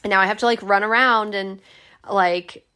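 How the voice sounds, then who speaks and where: A woman's voice: mid-range voice, fairly even intonation, moderate pace, pushed and bright, clear, resonant tone. A young woman hosting a podcast, telling a story in a casual, chatty way, swearing freely and full of "like" fillers. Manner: chatty, swears freely, many "like" fillers, acts out quoted voices. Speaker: podcast host.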